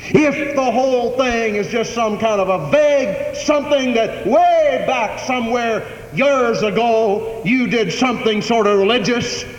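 A man's voice: extremely high pitch, unhurried, hardly any pauses, lo-fi sound. A man preaching a sermon as pastor, emphatic, swelling and dropping his volume for effect. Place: church sanctuary. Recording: echoey church hall, faint background noise.

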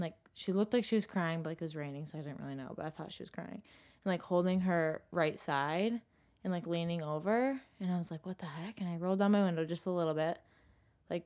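A young woman telling her own story in casual chat, filling nearly every phrase with "like" and swinging between loud and hushed. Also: on the low side, steady tone, fairly quick.

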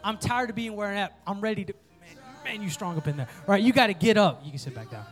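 A young man preaching to a youth group, playful and joking with the crowd, then rising to energetic calls for response. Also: high voice, fast, faint music behind. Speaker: youth pastor. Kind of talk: sermon.

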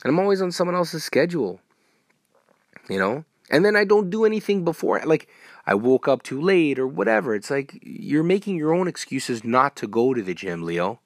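A man hosting a solo podcast, ranting in a profane, rambling way with sudden loud outbursts. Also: on the high side, sing-song, moderate pace, no room sound, clean studio sound. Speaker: podcast host.

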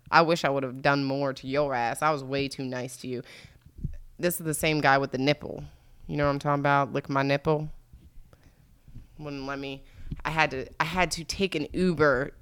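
A woman's voice: sits low, pushed and bright, clean tone, dry recording, clean studio sound. A young woman vlogging alone, telling a candid, crude story full of swearing and laughter.

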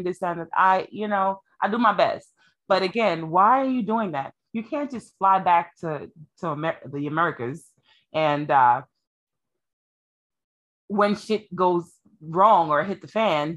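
A woman's voice: fairly low pitch, fairly bright tone. A woman co-hosting a podcast, talking bluntly and jokingly in casual chat. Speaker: podcast co-host.

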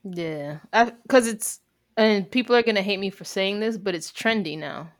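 A woman co-hosting a casual chat, speaking frankly and reflectively. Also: medium pitch. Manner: frank, reflective, quick to agree.

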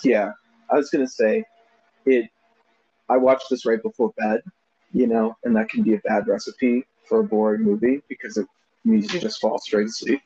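Male podcast co-host, casual film chat, lively laughing delivery, mellow husky tone, lo-fi sound. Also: mid-range voice, moderate pace. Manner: laughs often, animated, quotes lines from the film. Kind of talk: casual movie discussion. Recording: dull lo-fi sound.

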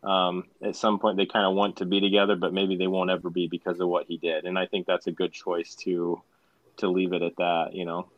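A man's voice: deep voice, monotone, fairly quick, no echo, dull audio. A man co-hosting a casual film podcast, rambling along with frequent ums. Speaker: podcast co-host. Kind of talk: casual movie discussion.

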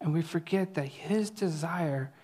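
Conversational preacher with a hushed scripture voice. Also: medium pitch, unhurried, slightly rough. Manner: conversational, often asks "right?"; drops to a soft, hushed voice when reading scripture. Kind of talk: conversational sermon.

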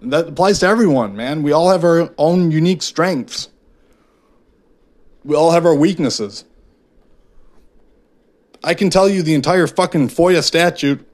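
A fairly high, slightly mellow male voice moves a little slowly, with long pauses. As a podcast host talking alone, he's frank and self-deprecating, rambling confessionally with constant swearing and fillers.

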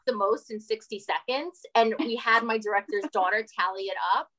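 A woman in her forties, a podcast guest telling animated stories and swearing freely. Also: on the high side, fairly quick, low-quality recording. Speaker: guest, former reality TV cast member. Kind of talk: casual podcast chat, storytelling.

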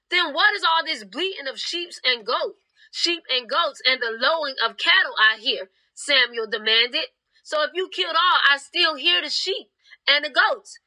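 A woman's voice: high voice, pushed and bright, poor audio. A young woman preaching a fervent sermon, retelling scripture in her own words.

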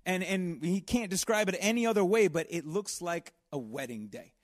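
A man's voice: sits high, expressive, normal speed. A man preaching a sermon in a conversational, earnest way, with asides and restarts. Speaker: pastor.

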